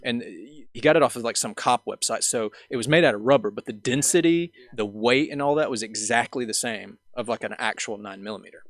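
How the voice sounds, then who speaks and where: A man's voice: mid-range voice, fairly quick, few pauses, dry recording. A man hosting a podcast, telling a long story in a casual, rambling way full of fillers and restarts. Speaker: podcast host.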